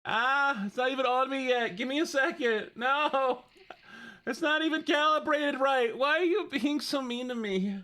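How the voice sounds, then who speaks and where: A male streamer putting on a high, girlish, whiny voice and protesting. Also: measured pace, pushed and bright, heavily acted.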